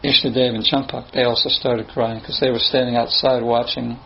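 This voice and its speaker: A man's voice: medium pitch, level tone, creaky. A man telling a story in a loose, conversational way. He stops and starts, laughs now and then, and keeps a mid-range voice. The recording sounds a little muffled, with a faint hum of ambient noise behind him. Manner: casual, halting, with laughs and restarts. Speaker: spiritual teacher telling a story. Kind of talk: storytelling talk.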